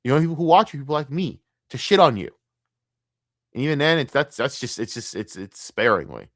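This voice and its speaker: A man's voice: mid-range voice, very animated, brisk, fairly bright tone, no echo, studio quality. A male streamer delivering blunt, profane, repetitive ranting commentary while reacting to a video.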